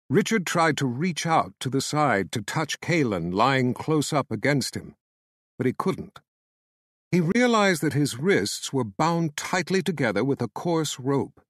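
A man narrating a fantasy audiobook with measured, dramatic storytelling. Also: mid-range voice, no echo, studio quality.

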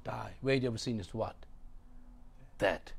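A man's voice: lowish voice, slow pace, gravelly, breathy edge. A man preaching a sermon in non-native English with broken grammar. He is emphatic, repeats his phrases and asks the congregation to answer back.

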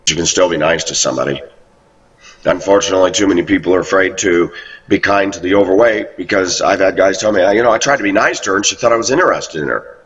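A man's voice: sits low, fast, a bit bright, breathy edge. A man rambling through a monologue about his life, often quoting people in a raised voice. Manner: rambling, quotes others in raised voice. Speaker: video blogger. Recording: muffled, distant lo-fi recording.

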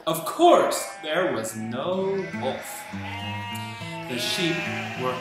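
Slow, animated male storybook teacher. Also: a little high. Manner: slow, animated, asks listeners questions. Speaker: English teacher. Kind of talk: storybook read-aloud for children. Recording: roomy echo, loud guitar music.

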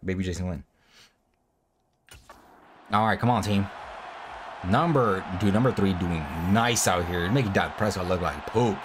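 A young man giving casual, excitable commentary over his own football video game, swearing and hyping the plays. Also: sits low, normal speed, pauses often, noisy background. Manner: excitable, swears a lot, laughs and shouts at big plays. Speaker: gaming video creator. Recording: music bed under the voice.

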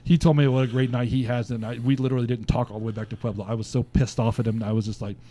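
A man's voice: medium pitch, steady tone, racing, dark tone. A man guesting on a podcast, casually telling a story with lots of swearing and laughs. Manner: laid-back, swears often, laughs while telling.

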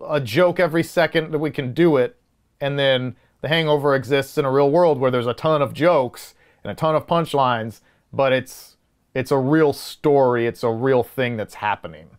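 A man's voice: mid-range voice, moderate pace, smooth. A man co-hosting a casual movie review podcast, arguing his points emphatically and restarting sentences as he builds them. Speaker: podcast co-host.

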